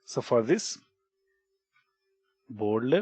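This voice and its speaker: A man's voice: mid-range voice, animated, drawn-out words, darkish tone, slightly rough, no room sound. A man with an Indian English accent teaching a programming tutorial, repeating key points and checking in with "okay" and "right?". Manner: explanatory, repeats points, frequent "okay" and "right?", restarts words. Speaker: programming instructor. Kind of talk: screen-recorded coding tutorial.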